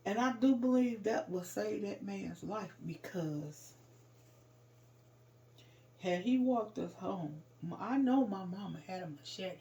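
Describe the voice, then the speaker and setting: A woman's voice: medium pitch, expressive, slow, lo-fi sound. Woman, personal storytelling, raw, emotional, informal speech. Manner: raw and emotional, loud when reliving moments.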